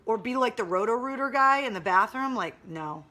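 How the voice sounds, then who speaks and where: Chatty gravelly-voiced woman host. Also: a little high, animated, brisk, pushed and bright. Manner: chatty, candid and wry, with occasional swearing. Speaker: radio host doing a livestream. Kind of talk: casual chat reading viewer comments.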